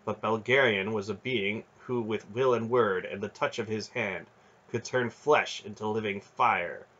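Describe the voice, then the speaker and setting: A man narrating a fantasy novel chapter aloud in a measured storytelling manner. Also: lowish voice, a bit bright, highs cut off. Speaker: audiobook reader. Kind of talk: scripted narration.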